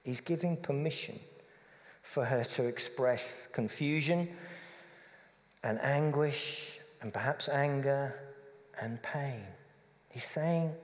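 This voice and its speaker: Man preaching gently in a reverberant hall. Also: mid-range voice, takes it slowly, long pauses. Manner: reflective and conversational, softening to a gentle hush. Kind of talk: sermon.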